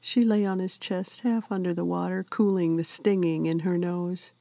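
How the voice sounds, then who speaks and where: A woman author narrating her own fantasy storybook in a gentle, unhurried reading. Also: lowish voice, steady tone, gravelly, dry recording, clean studio sound.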